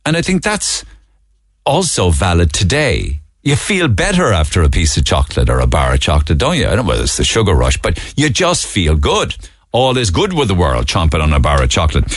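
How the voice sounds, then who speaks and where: A man's voice: deep voice, wildly swooping pitch, a little fast, dry recording. A man with a Cork Irish accent hosting a morning radio show, chatting through the papers and making asides to listeners. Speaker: radio host.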